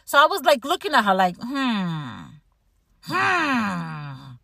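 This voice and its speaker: Chatty woman ranting, a little high. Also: fast, no room sound, clean studio sound. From United States. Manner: animated ranting, laughs at herself. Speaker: podcast host. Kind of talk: casual chat.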